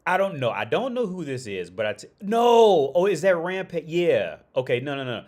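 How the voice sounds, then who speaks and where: A man's voice: on the high side, sing-song, normal speed, darkish tone. A man hosting a casual livestream chat, rambling and profane, with lots of restarts and frequent laughter. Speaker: livestream host.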